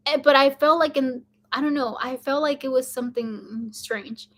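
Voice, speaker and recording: A woman's voice: high voice, moderate pace. A young woman, casually telling a story to camera, full of "like" and "um". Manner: chatty, many fillers like "like" and "um". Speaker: vlogger.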